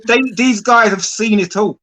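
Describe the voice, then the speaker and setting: A man's voice: sits high, normal speed, a crowd in the background. A man, co-hosting a podcast in casual chat, blunt and repetitive, often asking "you know what I mean". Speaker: podcast co-host.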